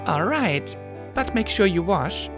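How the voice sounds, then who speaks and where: A man's voice: sits high, very animated, slow pace, music in the background, voice pushed up, exaggerated voice. A man voicing a defensive, pouting female unicorn pony heroine. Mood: weary.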